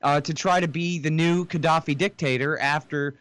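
A man joining a talk radio show as a guest, explaining political events in a measured, hedging way. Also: fairly high pitch, fairly even intonation, fairly bright tone, no room sound. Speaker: guest commentator. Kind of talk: conversational political analysis.

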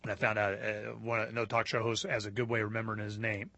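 A man's voice: lowish voice, little pitch movement, fast, sharp tone, no room sound. A man hosting a talk show, reading news aloud and breaking off into rambling, sarcastic asides full of fillers and restarts.

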